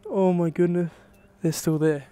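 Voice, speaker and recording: A young man talking outdoors on the water while fishing, exclaiming excitedly to the camera. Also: high-pitched, a little slow, clean tone. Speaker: fishing vlogger.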